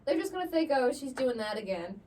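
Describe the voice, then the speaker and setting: A young woman with a high voice chats on a podcast in a playful, giggly way. She sits a little back from the mic, and faint noise hums underneath. It is casual, unscripted talk. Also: very animated, fairly quick. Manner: playful, giggly, reads aloud from an article. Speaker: podcast co-host. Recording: slightly distant mic with faint background noise.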